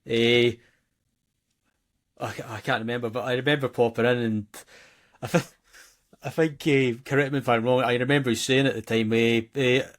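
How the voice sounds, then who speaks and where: A man who hosts a podcast, speaking with a thick accent in a halting, hesitant way full of restarts. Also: medium pitch, steady tone. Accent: thick regional accent. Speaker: podcast host. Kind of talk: casual podcast chat.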